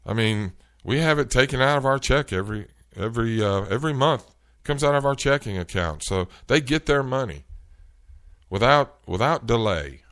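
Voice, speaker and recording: A man hosting a show, telling an animated, exasperated story in casual chat. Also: medium pitch, moderate pace. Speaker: show host. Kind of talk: storytelling rant.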